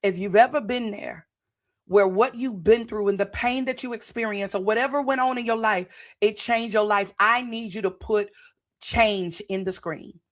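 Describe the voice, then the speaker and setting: A woman's voice: mid-range voice, moderate pace. Fervent woman giving a preacher-like testimony. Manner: fervent, preacher-like, repeats phrases. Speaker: podcast host. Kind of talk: motivational testimony to live viewers.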